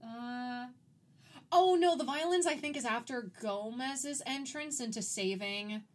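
A woman's voice: on the high side, a little slow. A young adult woman hosting a podcast, chatting casually and laughing often through her sentences. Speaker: podcast host. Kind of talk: casual chat about a movie.

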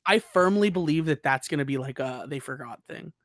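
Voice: medium pitch, animated, a little fast, no echo, clean studio sound. A host giggling through a casual TV episode recap on a podcast. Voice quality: chatty, laughs often, puts on voices when quoting characters.

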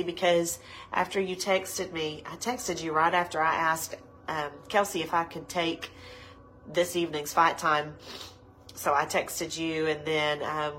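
A woman preaching a livestreamed sermon to women, her nose stuffed up, slow and emphatic, repeating her points with passion. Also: low-pitched, level tone, a bit bright, a little hiss or hum, poor audio.

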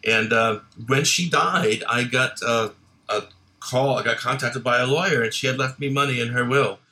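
A man's voice: medium pitch, normal speed, bright, forceful tone. A man, a film director and guest, telling rambling anecdotes in casual chat and laughing often.

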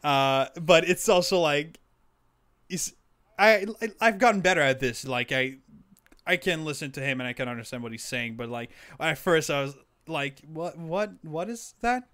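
Smooth-voiced young man, hesitant chat. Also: a little high, moderate pace, a bit bright. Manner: hesitant, many restarts and fillers, laughs easily. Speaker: podcast co-host. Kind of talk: casual chat.

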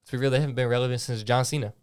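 A man's voice: mid-range voice, fairly even intonation, racing, darkish tone, clean tone. A young man co-hosting a podcast in casual chat, rambling with lots of fillers and restarts, and swearing freely. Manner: frequent swearing. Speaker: podcast co-host.

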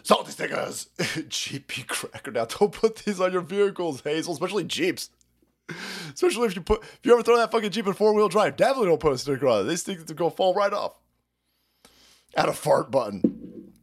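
A man's voice: sits high, animated, brisk. A man hosting a livestream, ranting in a profane, mocking way and laughing often. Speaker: streamer host.

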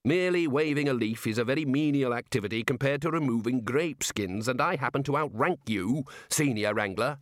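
A man's voice: medium pitch, a little fast, few pauses, no room sound, clean studio sound, close to an everyday voice. A man voicing a haughty, squabbling old male wizard who speaks in a pompous, indignant way.

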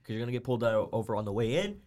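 A man's voice: medium pitch, lively intonation, racing, a little mellow. Blunt, cursing young man on a podcast. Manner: blunt and profane, filler-heavy, full of "like". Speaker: co-host. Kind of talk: casual podcast discussion.

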